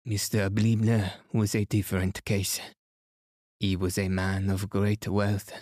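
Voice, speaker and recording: Man voicing a fastidious older male detective, gentle and grave, low voice, dry close sound. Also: level tone, dry recording. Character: fastidious elderly male detective, calm and placid.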